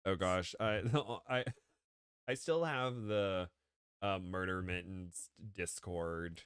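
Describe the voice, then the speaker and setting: A giggly man co-hosting a live stream, with a very deep, smooth voice. His sound is close and dry, and he laughs easily as he chats. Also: takes it slowly, fairly bright tone, no room sound. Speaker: co-host. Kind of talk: casual live-stream chat.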